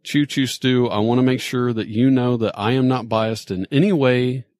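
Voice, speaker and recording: A man from Ohio hosting a podcast, playing a mock-formal judge with deadpan asides. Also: medium pitch, moderate pace, no echo, studio quality. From Ohio, USA. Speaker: podcast host. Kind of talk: mock-trial judge banter.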